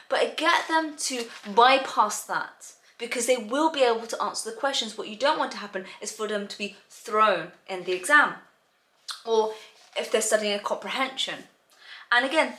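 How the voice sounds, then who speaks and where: Lady tutor talking parents through exam reading prep, lots of um and you know, a bit high pitched. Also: bright, forceful tone. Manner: chatty, peppered with "um" and "you know". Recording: roomy echo.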